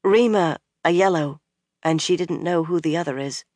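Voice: medium pitch, moderate pace, darkish tone, no echo, studio quality, natural voice. An audiobook narrator voicing an anxious, eager young woman.

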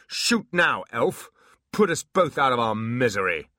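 A man's voice: medium pitch, sing-song, pushed and bright, no echo, clean studio sound, pitched above the performer's own voice, full character voice. A man voicing an unhinged male demon leader who roars and drags out his threats in a storybook reading. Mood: raging. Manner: roaring, drawn-out threats.

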